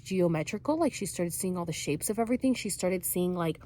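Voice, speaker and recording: A woman's voice: fairly low pitch, animated, a little fast, dark tone, a little hiss or hum. A woman vlogger casually telling a personal story, rambling and filling it with "like". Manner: rambling, heavy use of "like", acts out quotes.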